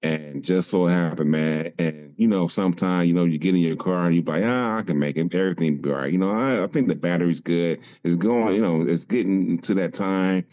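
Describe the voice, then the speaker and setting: A man's voice: low voice, moderate pace, hardly any pauses, dark tone. A man telling a road trip story in casual podcast chat, drawling and loading his talk with "man" and "you know". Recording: dull lo-fi sound.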